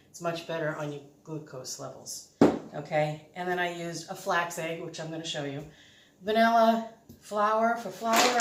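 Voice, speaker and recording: A woman hosts a casual cooking demonstration in her own kitchen. She is chatty and rambling, often stopping to correct herself. Her voice sits low and bounces around a roomy space, with a faint hiss of noise behind it. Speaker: home cook host. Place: home kitchen.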